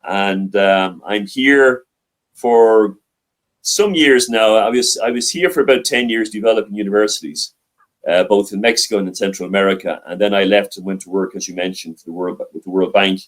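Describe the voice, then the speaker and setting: A middle-aged man with a mild Dublin Irish accent and a somewhat low voice. He answers interview questions over a video call from a library, often stopping to restart and repeat his words. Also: steady tone, moderate pace, low-quality recording. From Ireland. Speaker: guest. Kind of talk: interview conversation.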